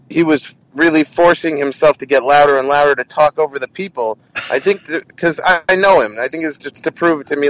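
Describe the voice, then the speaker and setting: A man who hosts a comedy interview podcast, telling stories in an animated, casual way with lots of restarts. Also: fairly high pitch, no room sound, poor audio. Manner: animated, many restarts and quoted voices.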